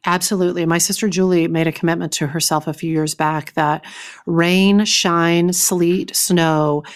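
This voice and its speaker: Woman podcast co-host, slightly low voice, chatty, fillers and restarts. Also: fairly even intonation, unhurried. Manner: reads aloud from a book; guides a counted breathing exercise. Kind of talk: casual podcast chat.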